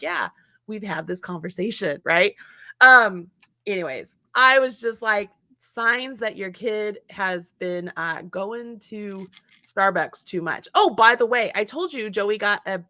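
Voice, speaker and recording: A woman's voice: mid-range voice, dry recording. A woman in her forties, host of a casual chat, telling a family story and acting out what everyone said. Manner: animated storyteller acting out quotes.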